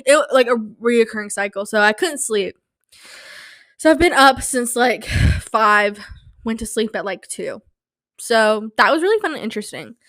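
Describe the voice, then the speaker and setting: A young woman hosting her own casual podcast, hyper and rambling, sleep-deprived and slap-happy, with a slightly sore throat from yelling. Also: fairly high pitch, expressive, moderate pace, no room sound. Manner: hyper, rambling, self-mocking. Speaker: podcast host. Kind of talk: casual solo podcast chat. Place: small home studio. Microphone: studio mic, close.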